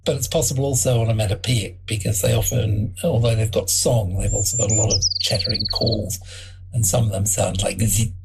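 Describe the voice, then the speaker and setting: A man's voice: lowish voice, fairly even intonation, a little fast, vocal fry, very noisy. A man bird expert speaking outdoors, dry and knowledgeable with light amusement. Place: outdoors among birds and insects. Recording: outdoor birdsong and crickets loud.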